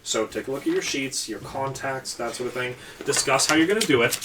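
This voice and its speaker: A man's voice: medium pitch, fairly quick, recorded from a distance, noisy background. A man running a tabletop game as game master, explaining rules in rambling, self-correcting sentences.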